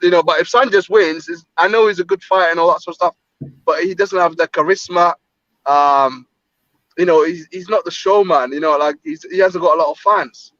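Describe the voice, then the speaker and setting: A man's voice: high-pitched, fairly quick, a bit bright, no room sound. A man hosting a casual boxing chat, rambling with fillers and restarts. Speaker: boxing channel host. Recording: dull lo-fi dry sound.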